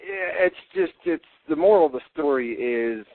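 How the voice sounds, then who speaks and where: A man's voice: fairly high pitch, lively intonation, moderate pace, creaky, no room sound. A man with a New York accent hosting a casual radio show, talking loosely with lots of restarts and the odd curse word. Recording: tinny phone-like web radio audio.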